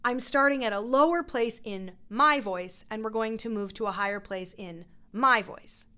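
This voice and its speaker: Upbeat vocal coach lady, high bright voice, takes it slow and easy. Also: clean tone. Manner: encouraging, playful; instructive. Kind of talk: voice lesson.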